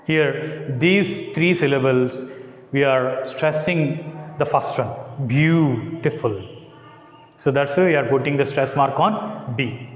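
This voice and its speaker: A man with an Indian English accent teaching a class, speaking slowly and repeating words for his students to follow. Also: mid-range voice. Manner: slow, repeats words for drilling. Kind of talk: classroom lecture. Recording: echoey room with long reverb.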